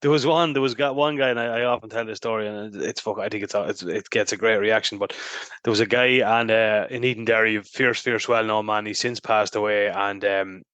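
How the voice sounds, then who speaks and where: A man's voice: lowish voice, brisk, smooth, no echo. An Irish man hosting a podcast, chatting and telling funny stories, laughing often. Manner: laughs often, animated storyteller. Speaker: podcast host. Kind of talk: casual chat, storytelling.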